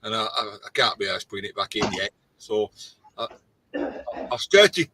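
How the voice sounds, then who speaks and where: A man's voice: fairly low pitch, moderate pace, pushed and bright, a little hiss or hum. A man chatting on a live video call, joking and self-deprecating. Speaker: regular guest. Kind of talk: casual live-stream chat.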